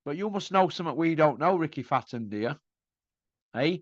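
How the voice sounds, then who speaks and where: A man's voice: a little high, animated, moderate pace, no echo. A man hosting a boxing show, ranting in a mocking, combative way and firing off rhetorical questions. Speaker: boxing commentary host. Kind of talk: ranting opinion monologue. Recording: dull lo-fi dry sound.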